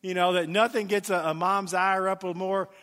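A man's voice: sits high, fairly even intonation, brisk, a bit bright, big-room sound. A middle-aged man preaching a sermon, telling family stories in a folksy way with many fillers, in a church. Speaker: pastor.

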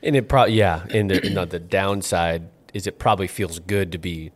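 A man's voice: sits low, normal speed. A man hosting an interview, responding in a supportive, empathetic way. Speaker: podcast host. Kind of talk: conversational interview.

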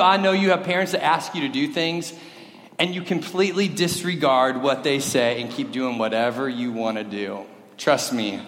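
A man with a high voice preaches a sermon, chatting and joking with the congregation. He is middle-aged, and the room around him is roomy, with a long ringing reverb like a church sanctuary. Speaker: pastor.

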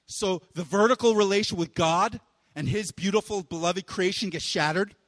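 A young man preaching a casual, animated sermon, with playful asides and loud exclaiming bursts. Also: sits high, moderate pace, dry recording, in a large hall. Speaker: pastor.

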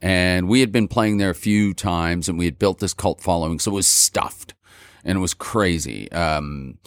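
A man from Montreal, a musician guest, telling his story in a lively, self-mocking way. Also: deep voice, moderate pace, clear, resonant tone, no room sound, clean studio sound. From Montreal, Canada. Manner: animated, self-mocking, acts out voices. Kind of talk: casual storytelling.

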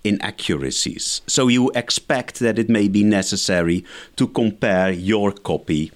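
A man with a lowish voice speaks at a measured pace as a scholar guest in an interview. He answers methodically, point by point, in a lecturing manner that enumerates each point.

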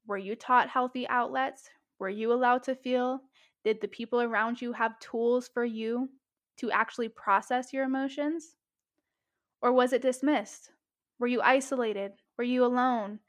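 Woman host, high voice, casual and profane, acts out thoughts mid-talk. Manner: swearing, animated, acts out inner voices. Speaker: podcast host. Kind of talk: casual self-help monologue.

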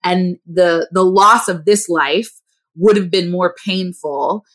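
A woman with a somewhat low voice hosts a podcast interview. She speaks in a reflective, affirming way and sums up what her guest has said. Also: slow pace, fairly bright tone. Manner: affirming, reflective, frequent murmured agreement. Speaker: podcast host. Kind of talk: conversational interview.

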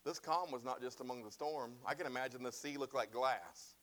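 A man's voice: mid-range voice, fairly quick, a bit bright. A man preaching a sermon with emphatic, repeated phrases, often asking "right?" and "amen?". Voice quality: bald-headed preacher, self-described.

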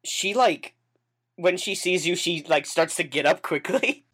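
A woman's voice: on the low side, lively intonation, measured pace, a bit bright, breathy edge. A woman narrating as game master of a tabletop game, chatty and full of fillers.

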